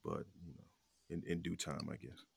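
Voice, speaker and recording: A husband talking about his family in a soft-spoken, hesitant way with many fillers. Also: extremely low pitch, big pitch swings, moderate pace, gravelly, husky, no echo. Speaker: husband sharing the family's story. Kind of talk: casual conversation.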